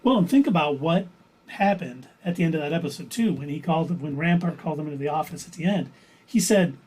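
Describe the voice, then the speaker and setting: Husky higher-voiced man, wry. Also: animated, quick pace, darkish tone, low-quality recording. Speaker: podcast co-host. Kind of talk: casual fan review chat.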